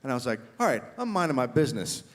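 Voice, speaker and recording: A middle-aged man doing animated stand-up comedy, shouting his acted quotes. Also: medium pitch, very fast. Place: large theater stage. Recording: reverberant theater hall. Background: audience laughter.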